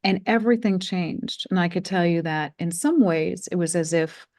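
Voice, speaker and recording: A middle-aged woman from the United States hosting a spiritual interview, speaking gently with fillers and restarts. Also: lowish voice, normal speed. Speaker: interview host.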